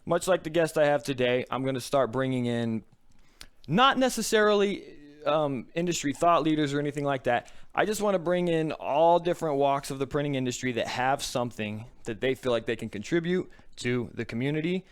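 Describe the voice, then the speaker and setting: A man's voice: medium pitch, a little fast, clear, resonant tone. A man hosting a live video podcast, out of breath and frazzled, chatting casually and swearing now and then. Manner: frazzled, swearing, talks to chat. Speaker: podcast host. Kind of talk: casual live-stream chat.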